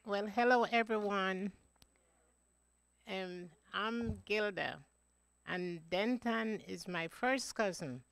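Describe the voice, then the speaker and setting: A woman giving a slow, rambling remembrance speech about her cousin at a funeral. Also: medium pitch, creaky, fairly bright tone, smooth, no echo. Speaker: eulogy speaker, cousin of the deceased. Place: funeral home.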